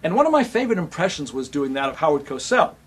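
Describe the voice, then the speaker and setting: A man's voice: on the high side, very animated, fast talker, breathy edge. Reflective middle-aged man telling a story. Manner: reflective, grows soft and quiet. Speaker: actor. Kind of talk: personal storytelling monologue.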